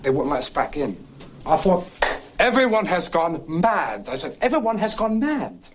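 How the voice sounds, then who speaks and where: A man's voice: high voice, very animated, moderate pace, background noise, voice pushed up. A man putting on a bad fake Cockney accent, impersonating a film star telling a rambling horse-race story. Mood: rambling, aggrieved. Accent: overdone fake Cockney. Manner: rambling anecdote, up-and-down rhythms. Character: movie star's clumsy Cockney man recounting a horse-race day.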